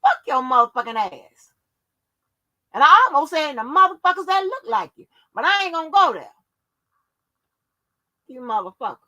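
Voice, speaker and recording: A woman's voice: sits high, very animated, moderate pace, long pauses, sharp tone. A woman hosting her own channel, delivering a profane, confrontational rant that scolds her viewers. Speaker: channel host.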